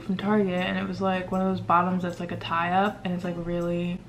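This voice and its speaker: A woman's voice: on the low side, completely flat delivery, brisk, faint music behind. A young woman vlogging casually to the camera, rambling and chatty with lots of fillers while doing her makeup at home. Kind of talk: casual vlog chat.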